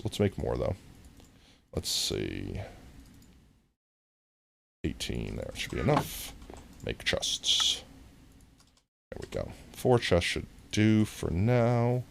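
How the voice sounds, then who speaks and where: Man rambling playfully while he games, low voice that jumps around a lot. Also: creaky. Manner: playful, self-mocking, rambling. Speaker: streamer. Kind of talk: casual gameplay commentary. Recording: noisy stream recording.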